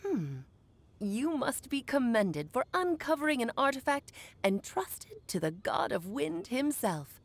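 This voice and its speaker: A woman's voice: high voice, sing-song, unhurried, heavily acted. A coy, theatrical witch mother. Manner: coy, storytelling. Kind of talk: video game dialogue.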